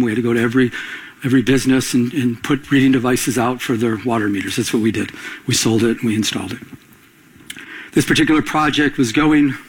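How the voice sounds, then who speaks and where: A middle-aged man preaching a radio-broadcast sermon, asking the congregation to fill in words and telling quick stories. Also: mid-range voice, husky. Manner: call-and-response preaching, quick anecdotal storytelling. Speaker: pastor.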